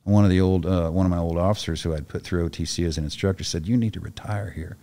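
A middle-aged retired soldier, guesting on a podcast, tells a story bluntly, casually and profanely, acting out the other voices in it. He talks fast in a low, dark voice with a steady tone.

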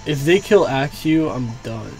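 Here a gaming YouTuber, a young man, narrates his own play as it happens, cursing and groaning at every setback in frustrated outbursts. He sounds animated and unhurried, his slightly high voice carrying a darkish tone, with faint game music in the background.

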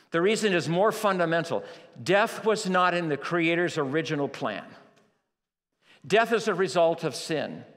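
Dramatic male preacher in a reverberant church. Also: fairly high pitch. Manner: dramatic, swinging from quiet near-whispers to shouting; slow, emphatic phrasing with repeated key words. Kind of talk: sermon. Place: church sanctuary. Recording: long reverb of a large church hall.

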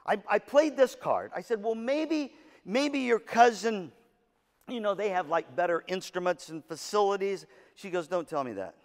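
Brief: male motivational speaker, storytelling, acts out dialogue, fairly high voice, reverberant hall. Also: a little slow. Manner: animated storyteller, acts out quotes, jokes with audience. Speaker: keynote speaker at music educators' session.

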